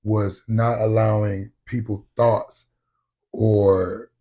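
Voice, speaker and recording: Animated, joking male storyteller. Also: on the low side, drawn-out words. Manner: animated storyteller who jokes and bursts into loud shouts. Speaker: actor guest. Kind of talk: casual podcast chat.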